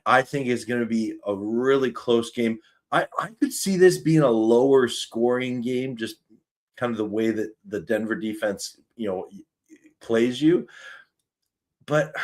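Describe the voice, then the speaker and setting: A man with a Canadian accent hosting a live sports fan stream, chatting in an excitable, talkative way. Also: medium pitch.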